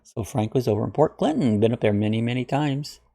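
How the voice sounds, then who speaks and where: A man's voice: mid-range voice, fairly quick, gravelly, mellow. A man from Ohio hosting his channel, casually chatting through viewer comments with lots of uhs and restarts. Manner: rambling, friendly, with frequent uhs and restarts. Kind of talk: casual chat.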